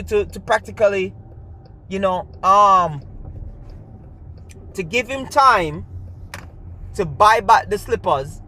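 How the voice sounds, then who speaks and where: A high-pitched, pushed and bright voice belongs to a man telling his own story with a Jamaican accent. The storyteller, who coaches gymnastics, chats along, mixes in patois, and often checks in with "you see me?"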